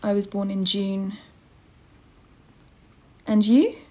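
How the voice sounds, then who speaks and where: A young woman hosts a casual livestream from home, speaking slowly and calmly. She greets viewers one by one and reads their star signs back to them. Her voice sits in an ordinary middle register for a woman. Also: mid-range voice. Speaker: livestream host and online English teacher. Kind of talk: casual livestream chat reading viewer comments.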